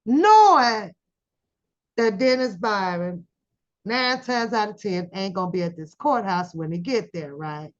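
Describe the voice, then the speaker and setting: A woman hosting a casual commentary channel, telling a story with lively acted-out quotes. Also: mid-range voice, measured pace, muffled recording. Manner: animated storytelling, acts out quoted voices.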